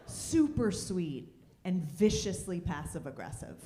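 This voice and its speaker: Woman comic, stand-up set, animated delivery, roomy club stage sound. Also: mid-range voice, measured pace. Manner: wry, deadpan punchlines with lively asides. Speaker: stand-up comedian.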